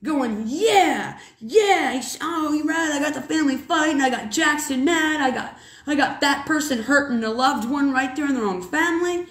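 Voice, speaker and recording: A woman's voice: high-pitched, normal speed, fairly bright tone, voice pushed up. A woman voicing a smug male devil who boasts about stirring up family fights, in an echoey room. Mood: gloating. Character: gloating invisible male devil.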